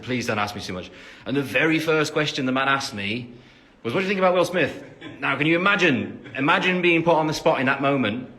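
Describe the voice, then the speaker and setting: A man's voice: medium pitch, pushed and bright. Chatty young Englishman rambling on a livestream. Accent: English Midlands. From England. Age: 20s. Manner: rambling, chatty, self-deprecating, many fillers. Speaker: livestream host reading fan questions. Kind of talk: casual chat. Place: at home after the gym. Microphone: phone camera.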